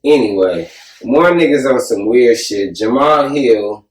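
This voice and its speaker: A man hosting a casual, profane podcast chat, joking and animated as he recaps events. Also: mid-range voice, measured pace. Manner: animated, joking, mimics people loudly. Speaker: podcast host. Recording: roomy sound, mic at a distance.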